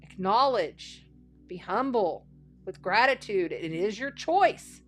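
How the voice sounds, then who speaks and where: A woman with a medium-pitched, animated voice speaks slowly over soft background music. She gives a casual spiritual tarot and astrology reading in a chatty, folksy way, repeating phrases for emphasis.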